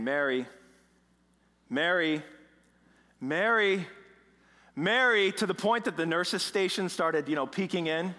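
Animated pastor preaching in a reverberant church. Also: male voice, on the high side. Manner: animated, swings between hushed and emphatic. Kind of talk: sermon with storytelling. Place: church sanctuary.

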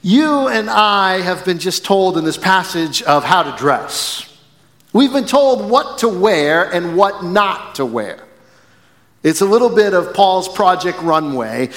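Animated male pastor preaching in a reverberant hall. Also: high voice. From northern United States. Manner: animated preaching with wide swings from quiet to emphatic. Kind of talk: sermon. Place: church sanctuary.

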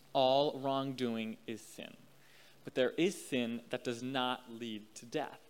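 Young man reading scripture slowly. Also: medium pitch. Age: young adult. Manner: measured, deliberate reading. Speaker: scripture reader.

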